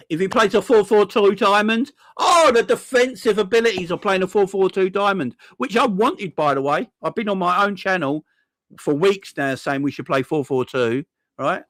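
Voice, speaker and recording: A man's voice: sits high, moderate pace, fairly bright tone, no echo. A man hosting a football fan channel, ranting sarcastically and repeating himself, with frequent swearing.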